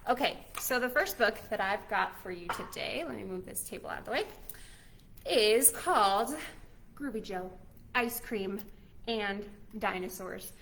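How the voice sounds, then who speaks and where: A woman's voice: medium pitch, a little slow, a bit bright, a little hiss or hum. A young adult woman, a children's librarian, cheerfully leading kids through a cooking demo and storytime. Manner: cheerful, encouraging, talks straight to kids.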